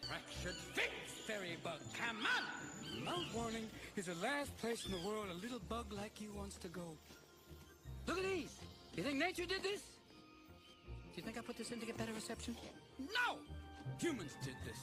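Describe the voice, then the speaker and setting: A scatterbrained fruit bat babbles and shrieks in a very high, wildly swooping voice. It sounds like an animated film. Loud music runs underneath. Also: male voice, full character voice. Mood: manic. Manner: frantic, rapid swings between shouting and babbling.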